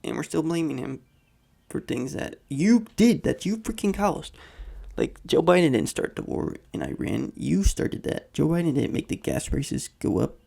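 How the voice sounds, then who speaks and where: A young man hosts a casual podcast, his voice heavily gravelly with a dark, mellow tone. He speaks in a rather high register and rambles in a slangy, filler-heavy rant. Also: very animated, normal speed. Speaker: podcast host.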